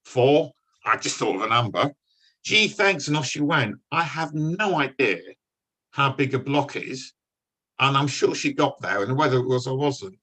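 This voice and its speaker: An older man, a guest speaker telling wry, deadpan stories from his police career to an audience. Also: medium pitch, breathy edge, rough recording. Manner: dry, wry storytelling with deadpan punchlines. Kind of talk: anecdotal talk to an audience.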